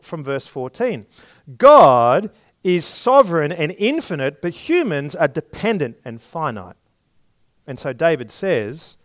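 A man's voice: sits high, no echo. Man preaching a sermon, dry sound. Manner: explains scripture with everyday examples, some restarts.

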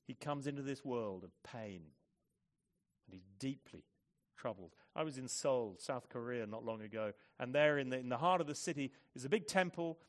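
A man with a mid-range voice preaches a sermon, moving between hushed, measured reflection and loud, forceful emphasis.

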